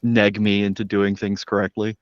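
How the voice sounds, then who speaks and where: A man's voice: fairly low pitch, flat delivery, no room sound. A man co-hosting a livestream in a chatty, joking way, riffing on the side while the host works. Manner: jokey, chatty, quick to riff. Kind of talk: casual livestream banter. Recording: dry, slightly dull mic sound.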